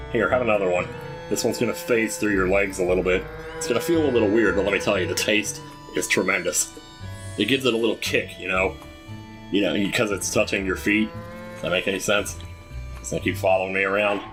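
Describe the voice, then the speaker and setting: A man with a fairly low voice talks his way through a video game in a loose, joking manner, often addressing the characters on screen. Soft game music plays underneath. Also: a little fast. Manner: chatty, jokey, talks to the game's characters. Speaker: gameplay commentator. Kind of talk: casual let's-play commentary.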